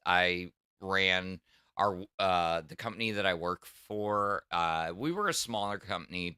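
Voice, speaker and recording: A middle-aged man with a Southern US accent speaks in a low, bright, forceful voice, recorded with a clean, studio-quality sound and no room echo. Chatting casually on a livestream, he explains technical things in a rambling way full of restarts.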